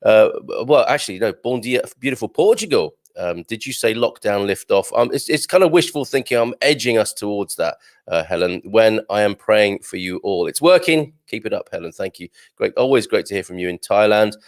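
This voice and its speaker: A man's voice: on the low side, animated, a little fast. A man hosting a live morning show, chatting casually and greeting viewers by name as he reads their comments, with plenty of ums and uhs. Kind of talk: live-stream chat, reading viewer comments.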